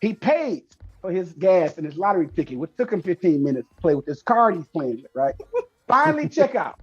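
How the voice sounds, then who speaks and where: Man, husky voice, lively storytelling, lo-fi dull sound, faint music. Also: high-pitched, a little fast. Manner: animated, acts out the people in his story. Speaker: show co-host. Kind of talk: casual storytelling chat.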